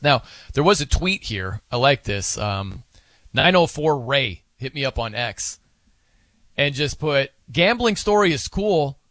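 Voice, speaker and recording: Male radio host, lively up-and-down voice, rambling banter, dry studio sound. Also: on the high side, dry recording. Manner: rambling, animated, self-amused. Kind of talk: casual sports radio banter. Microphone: studio microphone.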